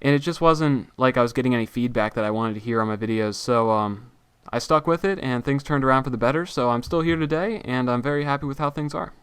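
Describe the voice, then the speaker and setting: A man's voice: medium pitch, quick pace, hardly any pauses, a bit bright, clear, resonant tone, no echo. A young man answering viewer questions in a casual gaming vlog, breezy and joking. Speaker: gaming YouTuber.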